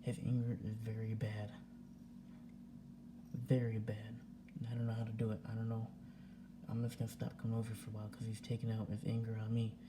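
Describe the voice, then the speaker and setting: A man's voice: lowish voice, completely flat delivery, brisk, long pauses, background noise. A young man ranting casually to his camera at home, repeating himself and swearing as he talks. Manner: repetitive, agitated, swearing. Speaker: vlogger. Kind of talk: casual vlog rant. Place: home indoors.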